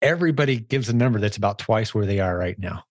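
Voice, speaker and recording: Male host, low voice, punchy conversational delivery, dry close sound. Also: expressive, quick pace, no echo. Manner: emphatic, says "dude" a lot. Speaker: podcast host. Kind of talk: casual interview chat.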